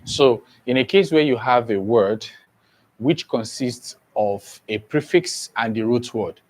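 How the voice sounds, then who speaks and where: Slow, repetitive male English teacher. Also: mid-range voice, darkish tone. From Nigeria. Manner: slow, repetitive, checks understanding often. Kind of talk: exam-prep lesson.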